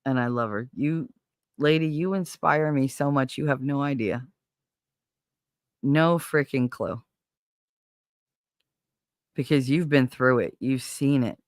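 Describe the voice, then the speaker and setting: A man's voice: mid-range voice, slow pace, long pauses, dry recording, clean studio sound. A man hosting a casual live stream, talking bluntly and animatedly with plenty of swearing. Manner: blunt, profane, animated storyteller. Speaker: livestream host. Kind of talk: casual chat to a live audience.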